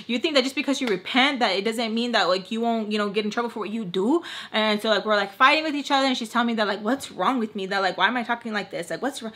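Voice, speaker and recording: Young woman, bright clear voice, fairly high, casual storytime vlog, animated. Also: quick pace. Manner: animated retelling, acting out quotes, slips into Spanish. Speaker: beauty vlogger telling a story.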